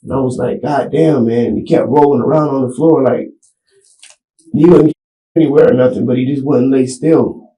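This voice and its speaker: A man in a recorded police interview, talking in halting, rambling bursts and often saying "you know what I'm saying". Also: medium pitch, steady tone, dark tone, roomy sound, rough recording. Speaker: suspect being interviewed by detectives.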